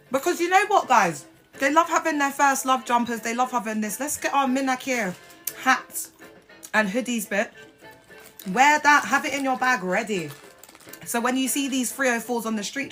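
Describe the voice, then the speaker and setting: A woman's voice: high voice, normal speed, sharp tone, faint music behind. A woman talking bluntly and sassily on a phone live stream, swearing freely. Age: adult mother. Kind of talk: casual live stream talk.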